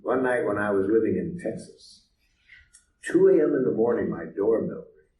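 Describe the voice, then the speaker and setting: A man's voice: fairly low pitch, expressive, normal speed, mellow. A man leading a workshop with role-play, teaching in a playful, teasing storytelling manner. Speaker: workshop leader. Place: workshop room. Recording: echoey room from far off, faint hiss.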